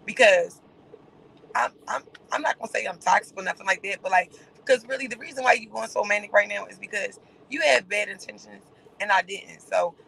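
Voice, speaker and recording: A man's voice: sits high, fairly quick, creaky, pushed and bright, breathy edge, poor audio. A man on a casual livestream, ranting in a sarcastic, repetitive way and laughing between phrases. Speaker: livestream host.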